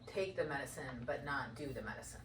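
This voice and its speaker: Low-voiced woman interviewer. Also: lively intonation, crowd noise. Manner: measured, probing questions. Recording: roomy, distant mic, background noise.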